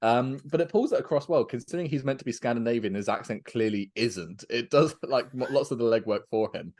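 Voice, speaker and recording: A man's voice: mid-range voice, brisk, darkish tone. A British man, a podcast guest, chatting casually and laughing through his own jokes. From Britain.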